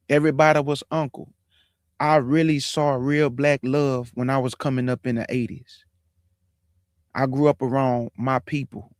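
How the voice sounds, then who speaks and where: Forties male host telling his life story with lively, drawn-out emphasis; average pitch, dry recording. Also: no echo. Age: 40s. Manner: animated, folksy, drawn-out emphasis. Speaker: show host. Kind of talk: personal testimony, casual storytelling.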